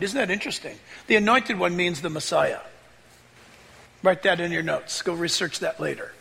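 A pastor preaching a sermon with excitable energy, often laughing and rising into shouts as he reads scripture. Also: sits high, moderate pace, vocal fry. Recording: long reverb of a large hall.

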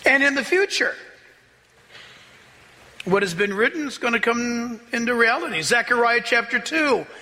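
A man preaching a sermon as a pastor, excitable, often laughing and rising to shouts as he reads scripture. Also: very high-pitched, moderate pace, long pauses, long reverb tail.

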